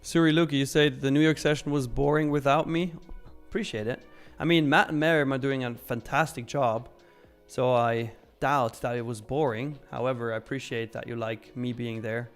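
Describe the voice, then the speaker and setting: A man's voice: mid-range voice, fairly even intonation, moderate pace, faint music behind. A young man hosting a live trading stream, chatting casually and upbeat as he reads viewer comments, laughing often and using slang.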